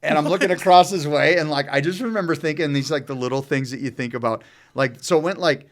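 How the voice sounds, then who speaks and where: A middle-aged man with a fairly high voice talks fast, casually spinning a long, rambling podcast story. He swears often and keeps things loose and animated.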